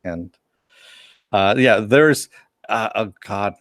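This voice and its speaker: A man's voice: on the low side, takes it slowly, a bit bright, dry recording, studio quality. A man co-hosting a casual live-stream podcast, telling rambling, joking stories with frequent restarts. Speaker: podcast co-host reporting on a convention.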